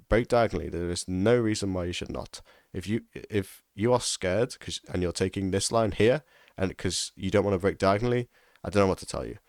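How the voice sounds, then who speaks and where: A man's voice: low voice, dry recording, clean studio sound. A man giving casual instructional commentary over a sim racing lap, repeating key tips for emphasis.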